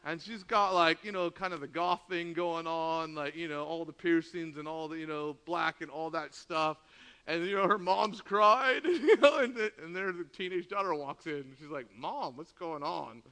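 A man's voice: fairly high pitch, normal speed, clear, resonant tone. A man preaching a sermon, telling a story with lots of laughter and acted-out dialogue. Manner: animated storytelling, laughing often, acting out dialogue. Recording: long hall reverb.

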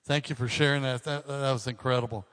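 A man's voice: medium pitch, steady tone, quick pace, fairly bright tone, clean tone. A man in his sixties, a pastor, addressing his congregation in a casual way with joking asides. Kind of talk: sermon talk to a congregation. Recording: reverberant church hall.

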